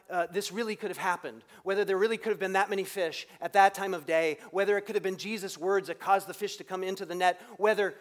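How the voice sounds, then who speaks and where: Higher-voiced man preaching a reflective sermon.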